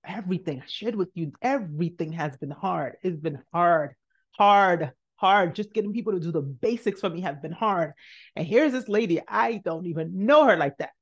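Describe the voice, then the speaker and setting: Animated woman telling a personal story. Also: normal speed, breathy edge. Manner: animated, acts out quotes with big pitch jumps and hushed asides. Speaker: podcast host. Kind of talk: motivational storytelling.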